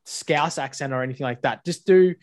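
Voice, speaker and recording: A man's voice: fairly high pitch, a little fast, a little mellow. An Australian man co-hosting a podcast, chatting bluntly and swearing freely. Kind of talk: casual chat.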